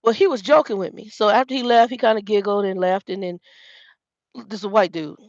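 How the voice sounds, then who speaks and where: A woman's voice: mid-range voice, brisk, a little mellow, dry recording, highs cut off. A woman telling a rambling, profane storytime to her camera, with lots of restarts. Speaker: vlogger. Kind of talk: casual storytime monologue. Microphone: self-filmed camera.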